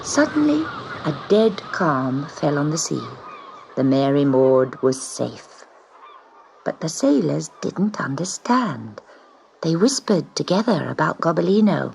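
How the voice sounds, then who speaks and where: A woman reading a children's storybook aloud as audiobook narrator, in an expressive, lively manner. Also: low-pitched, measured pace, gravelly, breathy edge, poor audio. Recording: audiobook with steady hiss.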